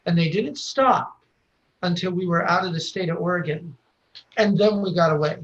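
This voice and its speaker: A man from the United States telling a personal story as a podcast guest, halting often with pauses and restarts. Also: high voice. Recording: dull lo-fi recording.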